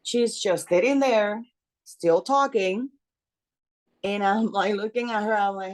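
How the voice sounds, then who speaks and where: A middle-aged woman talking slowly and haltingly with many fillers as she shares about her daughter on a video call. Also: mid-range voice, darkish tone. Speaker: parent sharing in a support group. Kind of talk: casual storytelling on a video call.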